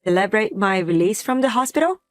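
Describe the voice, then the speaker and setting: A woman voices a young wife in a wheelchair, patient and soft-spoken even when wounded. Her voice sits at a medium pitch and sounds dry and close, with no room around it. She talks in a gentle, pleading way in a scripted drama. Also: a little fast, no echo, natural voice. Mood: calm.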